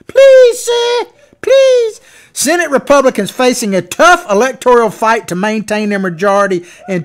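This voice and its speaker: A man's voice: high voice, fairly bright tone. A man hosting a political talk show, delivering opinionated commentary in a folksy, sarcastic way. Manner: folksy, sarcastic, mocking impressions.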